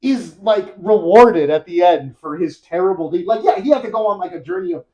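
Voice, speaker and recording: A young-adult podcast host casually retelling a story, animated and rambling, laughing often. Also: mid-range voice, a little fast, highs cut off.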